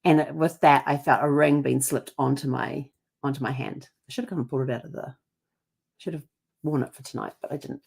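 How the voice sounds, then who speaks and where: A woman's voice: a bass voice, steady tone, brisk, creaky, a little mellow, husky. A middle-aged woman telling a personal story on her vlog, chatty and rambling, with frequent restarts. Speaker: family history vlogger.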